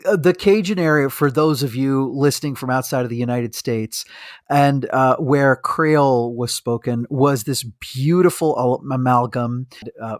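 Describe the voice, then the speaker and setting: Male physician co-host, mid-pitch, eager and halting, dry close-miked sound. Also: dry recording. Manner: enthusiastic, halting with many restarts and laughs. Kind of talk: casual podcast chat.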